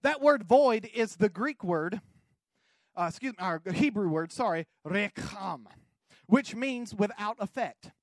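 A male pastor preaching a sermon, moving from quiet storytelling to exuberant shouting. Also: high-pitched, expressive, unhurried, no room sound.

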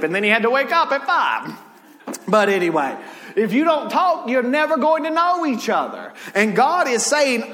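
A man preaching in a church sanctuary, his voice high and bright as he spins laughing stories for the congregation. The sound rings with the long reverb of a large hall. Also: moderate pace. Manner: animated, laughing, drawling Southern storyteller. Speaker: pastor. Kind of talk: sermon with storytelling and jokes.

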